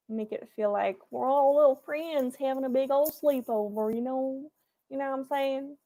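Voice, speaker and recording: A young woman hosts a writing livestream from her room, talking to her viewers in a playful, chatty way. Her voice sits a little high, and she picks up chat comments as they come in. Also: a little mellow. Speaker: livestream host.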